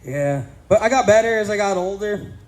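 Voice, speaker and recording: High-voiced crude stand-up comedian. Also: male voice, animated, moderate pace, darkish tone, poor audio. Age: 30s. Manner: crude, self-deprecating, punchy delivery. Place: casino comedy stage.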